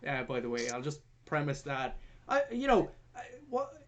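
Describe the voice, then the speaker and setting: A young man hosting a podcast, retelling a film plot in a jokey, sweary, animated way. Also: medium pitch, moderate pace, slight background noise. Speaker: podcast host. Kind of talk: casual film review chat.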